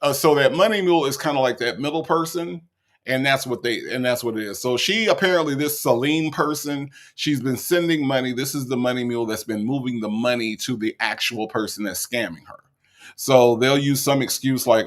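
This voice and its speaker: A man's voice: mid-range voice, brisk. A man hosting a casual reaction commentary, talking straight to his viewers and laughing often. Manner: animated, addresses viewers directly, laughs often. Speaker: commentary host.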